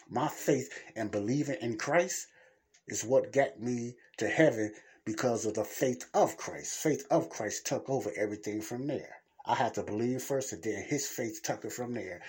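A man's voice: lowish voice, slightly rough. A man hosting his own podcast, giving a blunt, plain-spoken Christian teaching in a casual talk. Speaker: podcast host.

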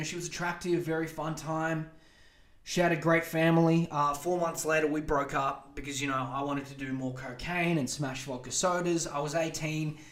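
A crude, animated man in his twenties tells a long story on a podcast. His voice sits a little high for a man. The room rings with a roomy echo. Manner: crude, animated, acts out quotes in raised voices. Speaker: podcast host. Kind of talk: casual storytelling monologue.

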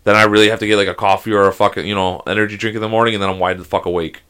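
Fast, bright-voiced profane man chatting. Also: on the low side, clean tone. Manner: profane, animated storytelling with mocking impressions. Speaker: podcast co-host. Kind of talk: casual chat.

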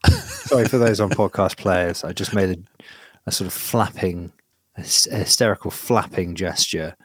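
A man's voice: low voice, moderate pace, husky, no echo, studio quality. A man co-hosting a podcast in casual chat, rambling and self-interrupting, laughing often. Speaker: podcast co-host.

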